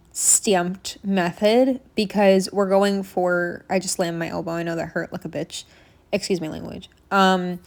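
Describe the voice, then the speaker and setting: Chatty young woman narrating a makeup tutorial. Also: on the low side. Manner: chatty, rambling, frequent fillers and asides. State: slightly out of breath. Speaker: makeup vlogger. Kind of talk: casual voice-over tutorial. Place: home apartment room.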